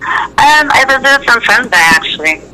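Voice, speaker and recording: A woman being interviewed, chatting in a relaxed, upbeat way and laughing easily. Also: fairly high pitch, moderate pace, low-quality recording. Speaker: guest. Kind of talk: casual interview chat.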